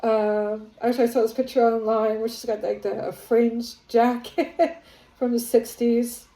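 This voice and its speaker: Slow, hesitant woman psychic vlogger. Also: on the high side, reverberant, rough recording. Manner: rambling, hesitant, with many fillers; grows excited and awed while channeling. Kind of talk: casual spirit-channeling vlog. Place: her home, near living room and kitchen.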